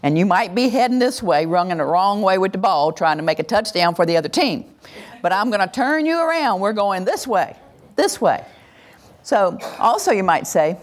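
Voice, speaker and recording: A woman's voice: mid-range voice, big pitch swings, a little fast. A middle-aged woman teaching a parenting workshop, acting out what parents and children say and laughing often. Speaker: parenting instructor.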